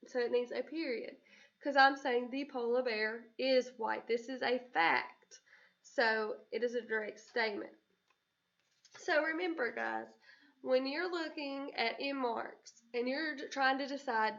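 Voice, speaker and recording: A woman teaching a children's lesson, high-pitched with a gravelly edge. She explains patiently and clearly, bursting into playful, excited example voices. The recording sounds dull and lo-fi. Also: a little slow.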